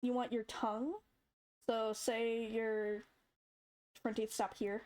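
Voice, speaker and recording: Slow-talking young woman explaining a tutorial. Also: on the high side, level tone, darkish tone. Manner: chatty, explains step by step and demonstrates sounds. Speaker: tutorial maker. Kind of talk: casual screen-recorded tutorial.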